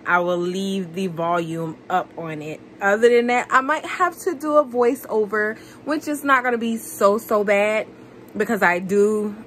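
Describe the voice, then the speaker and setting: A woman's voice: mid-range voice, a bit bright, slight background noise, poor audio. A woman vlogger chatting casually with lots of fillers, narrating a gift unboxing. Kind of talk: casual vlog and voiceover narration.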